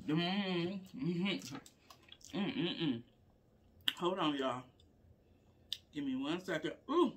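Eating a meal on a casual live vlog, a woman talks to her viewers in a low-pitched, slow voice with long pauses. She's relaxed and chatty, calls them "y'all," and between bites hums "mm" in enjoyment, often talking with her mouth full.

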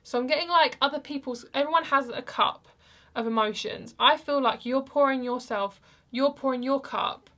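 A woman's voice: sits high, normal speed. A young woman giving a casual tarot reading to her viewers, chatty and rambling with lots of fillers. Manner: chatty, rambling, soft-spoken with frequent fillers. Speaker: tarot card reader.

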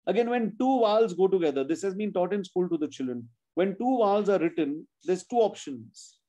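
A man's voice: high voice, animated, a little fast, dark tone, muffled recording. A man teaching children spelling in an online class, patiently sounding out words letter by letter.

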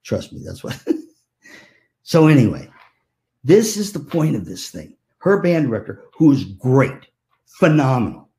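This keynote speaker has a mid-range, gravelly, warm voice, very animated, a little slow, with frequent pauses. He plays to the audience with jokes and tells stories in which he imitates his family members' voices.

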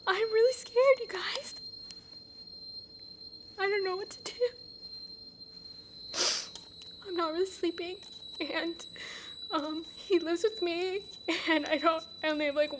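A woman's voice: very high-pitched, fairly bright tone, slight background noise. An actress playing an anxious, paranoid woman in her thirties who rambles, apologizes and bursts into rants. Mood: nervous. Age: 30s.

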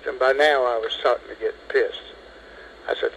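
Man, 70s, phone interview; lively storyteller who acts out the quotes, mid-range voice. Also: medium pitch, a little fast, a little hiss or hum, rough recording. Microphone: telephone.

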